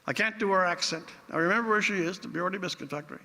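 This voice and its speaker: Wry orator in a reverberant hall. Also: male voice, high-pitched, very fast, pushed and bright. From Newfoundland, Canada. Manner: theatrical, wry storyteller with rhetorical flourishes. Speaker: keynote speaker. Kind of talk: after-dinner speech with anecdotes. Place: large event hall.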